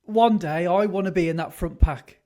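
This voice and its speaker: Man, podcast co-host, casual chat, high pitch, relaxed teasing, repeated words. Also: normal speed.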